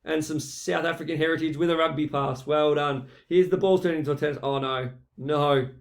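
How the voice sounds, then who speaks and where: A man calls a video in the manner of a football commentator, teasing and lively. His voice sits a little high for a man. The delivery is quick with one-liners. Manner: playful, teasing, animated commentator. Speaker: mock sports commentator. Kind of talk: jokey mock football commentary.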